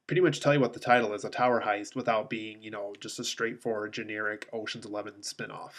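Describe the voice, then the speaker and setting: A man's voice: medium pitch, a bit bright. A man giving a casual spoken movie review, rambling along with many filler ums and restarts.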